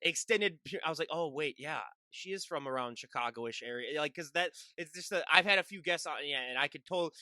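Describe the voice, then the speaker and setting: Fast, bright-voiced Minnesotan man. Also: fairly high pitch, animated, dry recording, clean studio sound. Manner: rambling, self-interrupting. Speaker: podcast host. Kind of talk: casual interview chat.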